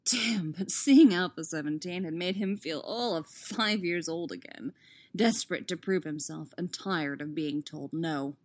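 Lower-voiced woman narrating a story. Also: unhurried. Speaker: audiobook reader. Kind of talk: fan fiction narration.

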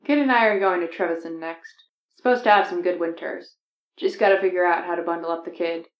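A woman reading a fan story voices a weary, gruff male bounty hunter in a low, subdued way. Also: a little fast, natural voice. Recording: echoey, dull lo-fi sound.

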